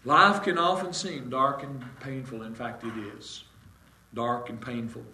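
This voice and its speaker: Folksy preacher man, bright and echoey. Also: medium pitch, animated, moderate pace. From United States. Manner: folksy, dramatic, swings between loud emphasis and hushed tones. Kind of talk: sermon. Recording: echoey room.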